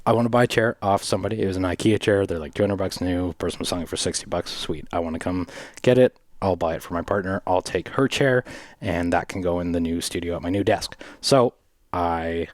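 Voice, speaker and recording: Low-voiced man telling a rambling story. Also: brisk, no echo, clean studio sound. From Vancouver, Canada. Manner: animated, laughs often, acts out quoted people in a higher voice. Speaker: podcast host. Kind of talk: casual storytelling chat.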